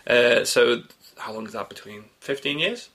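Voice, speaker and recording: A man co-hosting a podcast in easygoing conversation. His voice is bright and a little tense, sitting at a middle pitch, and he laughs often and trails off as he thinks. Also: lively intonation, moderate pace. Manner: chatty, laughs often, trails off mid-sentence. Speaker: podcast co-host. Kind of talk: casual chat.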